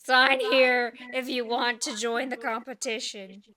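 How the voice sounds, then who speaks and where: A woman voicing a small, gruff male goblin announcer with a British accent who shouts and can't keep his volume down. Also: on the high side, flat delivery, measured pace, dry recording, studio quality. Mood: shouty.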